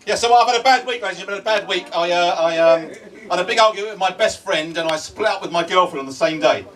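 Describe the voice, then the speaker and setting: A man's voice: high voice, fast, a bit bright, far from the mic. An older man doing a stand-up comedy set, chatty, repeating his phrases and checking in with the crowd. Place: comedy club stage before a laughing audience.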